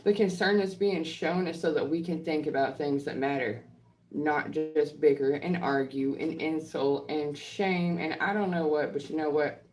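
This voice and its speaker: A woman's voice: sits low, fairly even intonation, normal speed, a little mellow. A woman speaking in a heated, profane monologue, blunt and confrontational, hammering her points home with repetition. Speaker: online creator and healthcare professional. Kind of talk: heated monologue answering trolls.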